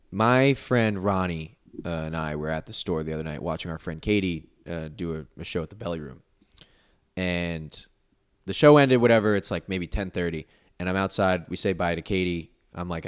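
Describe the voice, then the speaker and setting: A man's voice: low voice, clear, resonant tone. A young man, a podcast guest, telling a long casual story full of "like" and "you know.". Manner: rambling, filler-heavy storytelling with lots of "like".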